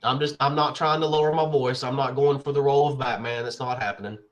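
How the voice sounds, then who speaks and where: A man co-hosting a podcast over a video call, congested from a sinus infection, talking in a relaxed, rambling way. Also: mid-range voice, fast talker. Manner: relaxed, rambling, filler-heavy. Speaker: podcast co-host. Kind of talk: casual chat.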